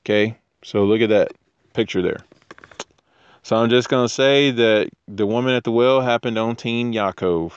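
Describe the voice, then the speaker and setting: A man's voice: medium pitch, normal speed, clean tone, no room sound, lo-fi sound. A man giving casual scripture teaching with jokey asides, rambling tangents and frequent restarts. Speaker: teacher of Torah.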